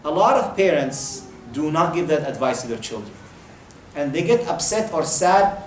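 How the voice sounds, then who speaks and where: A man's voice: a little high, very animated, normal speed, reverberant, a little hiss or hum, rough recording. A man giving an earnest sermon of advice, repeating key points and acting out brief exchanges. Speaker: preacher.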